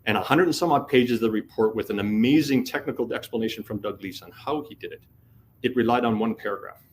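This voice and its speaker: A man's voice: fairly low pitch, fast, slight background noise. A middle-aged man, giving a conference talk as a casual storyteller who acts out the quotes and swears freely. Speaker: conference speaker. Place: conference hall.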